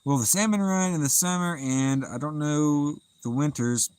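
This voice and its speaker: A man's voice: fairly high pitch, normal speed, smooth, dry recording, rough recording. A man with a Southern US accent, chatting casually and laughing as he hosts a live fishing stream outdoors at night. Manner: relaxed, chatty, laughs often, easygoing drawl. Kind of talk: casual live-stream chat reading out viewer comments.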